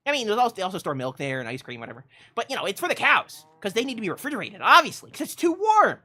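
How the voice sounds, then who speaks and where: While streaming a game, a woman spins a mock-epic tale theatrically, swinging between loud declarations and hushed asides and laughing often. Her medium-pitched voice is very animated and very fast.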